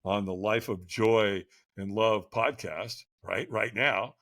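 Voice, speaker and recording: A man guest on a podcast, telling a personal story in an animated way, often checking in with a quick "right?". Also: lowish voice. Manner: lively, keeps asking "right?".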